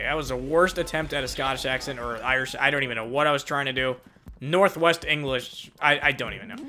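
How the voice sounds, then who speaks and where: A young man rambling excitably and self-deprecatingly through his commentary on a game. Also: a little high. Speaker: let's play host. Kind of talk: casual gameplay commentary.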